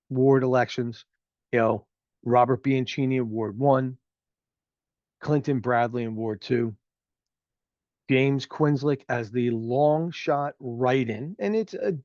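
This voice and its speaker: A man's voice: mid-range voice, a little mellow, no room sound, dull audio. A man in his fifties from New Jersey hosting a local talk show, giving opinionated commentary in a chatty, rambling way with plenty of filler words. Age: 50s. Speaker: show host.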